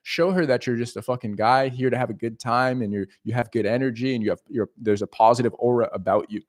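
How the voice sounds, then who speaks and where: A man giving an animated, profane casual monologue as a dating coach. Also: medium pitch, fast talker.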